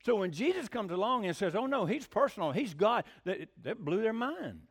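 A lively man preaches in a folksy, conversational way. His voice sits high and leaps around a great deal in pitch as he talks. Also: moderate pace, slightly rough. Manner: animated, folksy, with swooping pitch. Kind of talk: sermon teaching.

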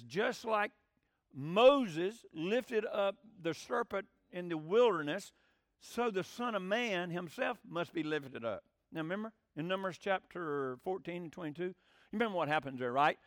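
A man's voice: high voice, a bit bright, no echo, clean studio sound. A male preacher, giving a folksy sermon, often asking the congregation questions and acting out quoted voices.

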